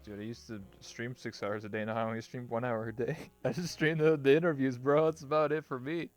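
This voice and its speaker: A man's voice: mid-range voice, level tone, a little fast, dry recording. A young man hosting a casual interview show, loose and swearing, acting out quotes as he talks. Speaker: talk show host.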